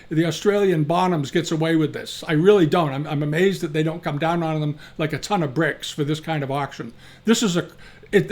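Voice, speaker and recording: A fairly high-pitched man talks through auction results in a loose, unscripted way. He is blunt and opinionated, and he often stops and restarts his sentences as he thinks aloud. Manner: frank, opinionated, with frequent restarts. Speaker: antiques dealer and auction commentator. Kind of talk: casual commentary.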